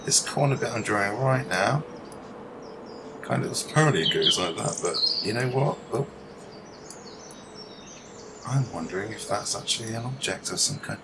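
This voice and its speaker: A man's voice: fairly low pitch, animated, moderate pace, pauses often. Rambling man filming the sky outdoors. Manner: meandering, swears casually, trails off mid-sentence. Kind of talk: rambling live commentary. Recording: loud outdoor noise.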